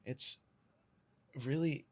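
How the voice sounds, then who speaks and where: A man, an event organizer guest in a casual interview, talking haltingly and searching for words. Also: darkish tone.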